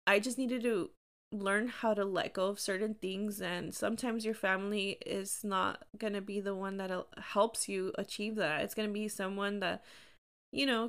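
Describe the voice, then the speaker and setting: A woman's voice: medium pitch, a bit bright. A young woman hosting her own podcast, talking candidly and encouragingly in a chatty way with lots of fillers. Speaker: podcast host. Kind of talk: casual solo podcast talk.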